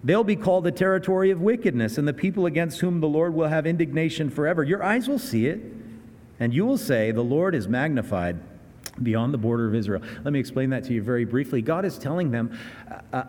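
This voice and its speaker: A man's voice: fairly high pitch, lively intonation, fast talker, a little mellow. Man preaching in a reverberant hall. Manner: earnest, conversational preaching with frequent restarts. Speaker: pastor. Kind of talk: sermon.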